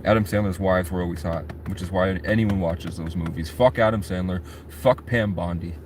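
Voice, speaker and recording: A man's voice: deep voice, normal speed, darkish tone, a little hiss or hum. Rambling, foul-mouthed man vlogging. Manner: rambling, profane, talks to chat. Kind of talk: casual rambling vlog chat.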